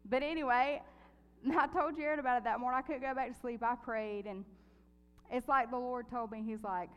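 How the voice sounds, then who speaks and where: A woman preaching a sermon and telling a personal story in an animated way, laughing often. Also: high-pitched, fairly quick, clean tone, long reverb tail, highs cut off.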